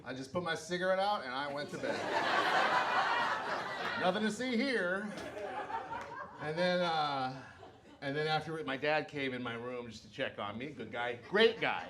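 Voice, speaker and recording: A man doing a stand-up routine, telling self-mocking stories in an animated way. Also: a little high, moderate pace, pauses often, noisy background. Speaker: stand-up comedian.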